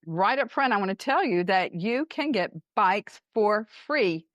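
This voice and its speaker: A woman who writes about travel, recounting bike trips as a radio guest. She tells her stories in a lively, laughing way and rushes through the exciting parts. Her middle-pitched voice sounds dry and close to the mic, with no room echo. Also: muffled recording. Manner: animated storyteller, laughs and speeds up. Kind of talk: casual interview storytelling.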